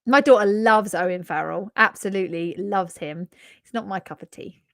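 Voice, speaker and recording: A woman's voice: medium pitch, moderate pace, fairly bright tone, no echo. Chatty giggly woman, very dry sound. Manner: chatty, giggly, blunt opinions. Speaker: podcast co-host. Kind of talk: casual chat.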